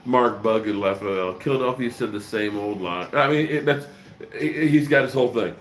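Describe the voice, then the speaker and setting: A man's voice: on the low side, moderate pace. A middle-aged man hosting a sports livestream, chatting casually and telling stories with frequent laughs. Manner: animated storytelling, laughs often. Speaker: sports podcast host.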